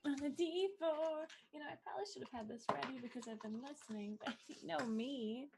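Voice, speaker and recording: A woman playing in a tabletop game, chatty and excitable. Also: sits high, brisk, vocal fry. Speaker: player. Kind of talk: casual game chat. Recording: loud background noise.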